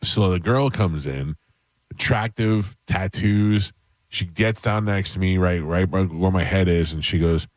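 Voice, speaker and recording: Low-voiced guy hosting talk radio, rambly and jokey about himself, dry close mic. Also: measured pace, no room sound. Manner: rambling, self-mocking anecdote telling with restarts. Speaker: radio show host. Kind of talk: casual talk-radio storytelling.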